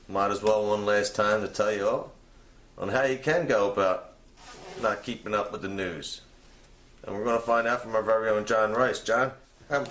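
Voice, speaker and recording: A man with a low voice anchors a spoof newscast in a dry, deadpan style. He is recorded in an echoey room, and a faint ambience sits behind his voice. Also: a little hiss or hum. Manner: deadpan anchor delivery with chuckles. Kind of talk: mock newscast.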